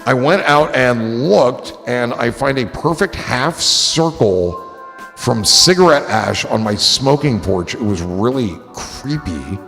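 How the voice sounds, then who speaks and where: A man's voice: medium pitch, animated, takes it slowly, gravelly, a bit bright, big-room sound, faint music behind. A man hosting a casual livestream, reading out chat comments and riffing on them in a rambling, joking, profane way. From New Jersey.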